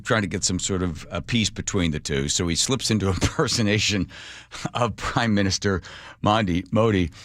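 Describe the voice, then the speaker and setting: Male talk radio host, deep voice, sarcastic, dry studio sound. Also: no room sound. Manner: wry, animated, sarcastic asides. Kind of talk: casual talk radio commentary.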